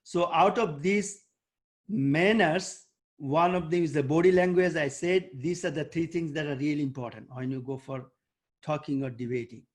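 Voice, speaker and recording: Halting man coaching debate over video call. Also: a little high. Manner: coaching, quizzes students by name; halting, searches for words with fillers. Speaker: debate workshop instructor. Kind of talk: online teaching session.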